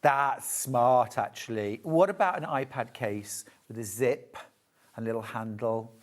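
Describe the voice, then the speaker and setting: A man's voice: medium pitch, a little slow. A man presenting a live shopping channel show, chatty and gushing as he demonstrates fabrics. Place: TV shopping studio.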